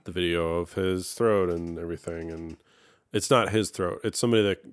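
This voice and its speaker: A man hosts a podcast and chats in an easy, hesitant way, with a few fillers along the way. His voice sits very low. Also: fairly even intonation, fairly quick, clear, resonant tone, dry recording. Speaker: podcast host. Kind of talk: casual chat.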